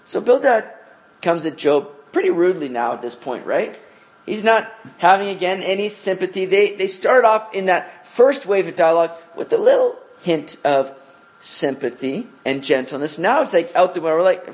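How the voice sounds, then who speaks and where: A man's voice: sits high, lively intonation, moderate pace. A man teaching a conversational evening Bible study, casual in tone and often asking his listeners rhetorical questions.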